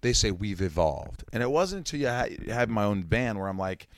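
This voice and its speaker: A man in his forties, a comedian and musician, chatting casually as a guest and telling rambling, animated stories with some profanity. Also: fairly low pitch, moderate pace, no echo, clean studio sound. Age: 40s. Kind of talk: casual interview chat.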